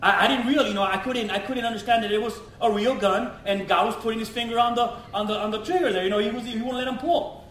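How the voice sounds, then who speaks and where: A middle-aged man, a pastor from Los Angeles telling his testimony in an animated way, full of slang and acted-out quotes. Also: very high voice, fast, hardly any pauses. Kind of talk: testimony sermon. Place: church. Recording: echoey church hall from far off.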